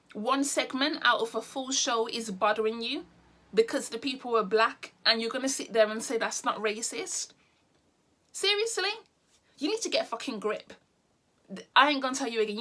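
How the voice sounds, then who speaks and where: A woman's voice: on the high side, bright, forceful tone. A woman vlogger ranting blunt and exasperated to the camera, repeating her points.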